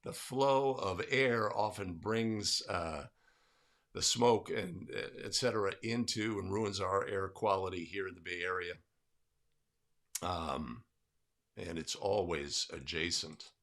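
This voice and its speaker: A man's voice: low-pitched, slow pace, a bit bright. A man hosting a livestream in casual chat, upbeat and greeting viewers by name. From California. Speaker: livestream host.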